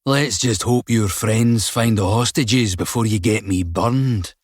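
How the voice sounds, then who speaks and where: A gruff, sardonic man mutters dark jokes, as an audiobook reader voices him. The delivery is slow and the sound dry. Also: fairly low pitch, dry recording. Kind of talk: audiobook character voice.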